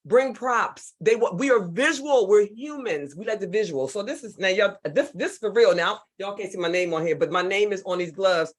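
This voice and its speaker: A woman from the United States with a Southern drawl, leading an online leadership workshop in a lively, folksy and playful way. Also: mid-range voice, moderate pace, few pauses. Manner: animated, folksy, playful, repeats herself. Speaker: leadership speaker. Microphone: computer mic on a video call.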